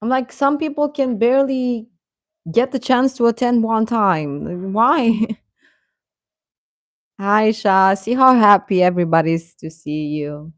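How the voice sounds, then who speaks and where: Young woman hosting a fan livestream, slow-talking, laughs a lot, dry close mic. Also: medium pitch, dry recording. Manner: chatty, laughing often, exasperated rants. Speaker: livestream host reading chat. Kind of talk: casual chat.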